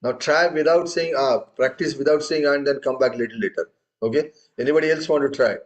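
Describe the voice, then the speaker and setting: A man's voice: a little high, fairly quick. A man teaching a tabla lesson, explaining patiently and reciting drum syllables in rhythm to his students.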